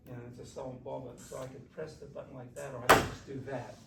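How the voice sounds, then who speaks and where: Speaking fast in a gravelly, medium-pitched voice with little pitch movement, a male shakuhachi teacher leads a workshop. He chats and coaxes, asking his class questions. Recorded from afar in an echoey classroom, the audio has faint hiss.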